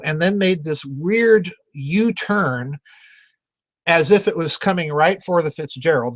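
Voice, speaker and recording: Guy hosting a vidchat, kinda high voice, emphatic, dry close sound. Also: fairly bright tone, dry recording. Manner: emphatic, repeats words when restarting, addresses listener directly. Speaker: host answering members' questions. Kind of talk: vidchat commentary. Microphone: video call.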